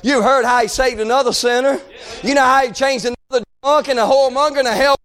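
A male preacher with a strikingly high voice delivers a fervent revival sermon to a church congregation. He often rises to a shout and keeps punctuating his lines with amen and hey. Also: fairly even intonation, quick pace. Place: church service before a congregation.

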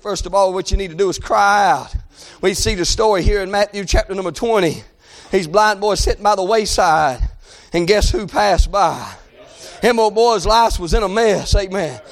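A man preaching a fiery revival sermon, chanting and crying out in rising, shouted bursts. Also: sits high, normal speed.

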